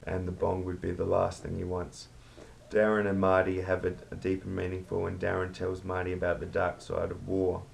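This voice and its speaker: A man's voice: sits low, completely flat delivery, normal speed, gravelly, slight background noise. A man telling a rambling story with crude slang. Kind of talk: casual storytelling.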